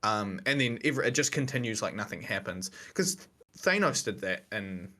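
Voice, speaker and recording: A man's voice: fairly low pitch, expressive, moderate pace, pushed and bright. A young man co-hosting a podcast, chatting casually in a rambling, slangy way. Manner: rambling, slangy, laughs often. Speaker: podcast co-host. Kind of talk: casual chat.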